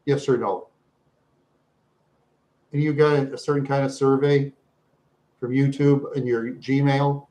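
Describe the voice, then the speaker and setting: A man's voice: mid-range voice, steady tone, measured pace, long pauses, mellow. A man hosting a livestream, chatting loosely with his viewers, repeating himself and saying "yeah" a lot. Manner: rambling, repeats "yeah" and laughs often. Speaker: livestream host. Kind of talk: rambling livestream chat with viewers.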